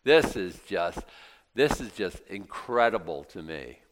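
A man preaching a sermon, reading scripture aloud and breaking into lively acted asides. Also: low-pitched, measured pace, long reverb tail, a little hiss or hum. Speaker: pastor.

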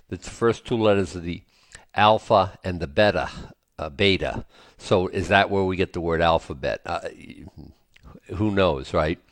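Male Bible teacher, low and slow, reads verses then explains with casual asides; dry, close recording. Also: no echo. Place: indoors, presenting to a screen.

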